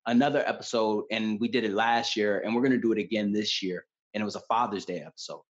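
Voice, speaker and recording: A man's voice: on the low side, fast talker, highs cut off. A man in his thirties telling personal stories with earnest emotion in a candid conversation. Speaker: podcast guest.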